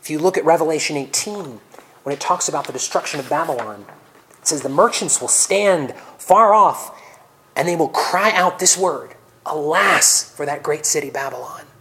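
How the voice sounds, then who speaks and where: A man preaching a sermon, reading scripture loudly and then dropping to soft, near-whispered reflections. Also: a little high, lively intonation, normal speed, low-quality recording.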